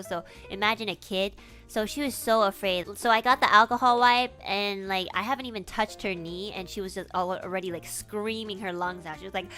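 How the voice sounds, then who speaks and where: Young woman streamer, casual storytelling, animated and profane, bright forceful tone, light music behind. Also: mid-range voice, a little fast. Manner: animated, swears freely, laughs often.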